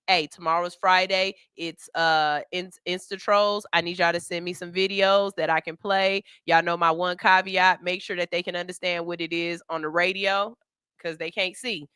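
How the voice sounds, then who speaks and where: A woman's voice: on the low side, fairly bright tone, clear, resonant tone, no echo. A woman hosting a morning radio show in a studio, talking candidly with plenty of cursing and a pep-talk tone while reading listener comments.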